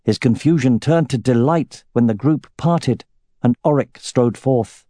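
Mellow-voiced man narrating a fantasy audiobook. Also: medium pitch, measured pace, dry recording, clean studio sound.

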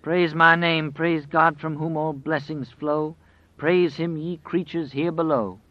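A man's voice: a little high, fairly even intonation, measured pace, no room sound, voice pushed up, lightly acted. A man doing a quavering devout old woman. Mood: pleading. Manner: quavering, pleading prayer. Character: frail, devout very old woman, fearful but defiant. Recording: dry, slightly dull recording.

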